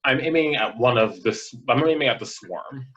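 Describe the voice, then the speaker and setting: Stuttering excitable Jamaican player. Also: male voice, mid-range voice, fairly quick. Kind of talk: playing a tabletop game.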